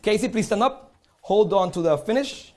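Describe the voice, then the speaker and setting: A man's voice: high voice, animated, moderate pace. A man from Puerto Rico with a Puerto Rican accent, performing a live magic show on a studio stage and joking theatrically with the audience.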